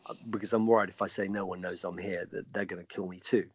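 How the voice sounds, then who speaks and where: A man's voice: low voice, fairly even intonation, quick pace, husky, dry recording. A middle-aged man telling a personal story as an interview guest, emphatic and reflective. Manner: emphatic, reflective, acts out quoted speech. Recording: dull lo-fi dry recording.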